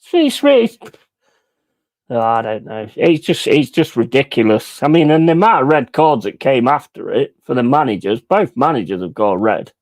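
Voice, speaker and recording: A man reacting live to a football match and ranting at the referee. He swears constantly. His voice swings widely in pitch as he rages. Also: sing-song, normal speed, a little mellow. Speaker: watch-along host.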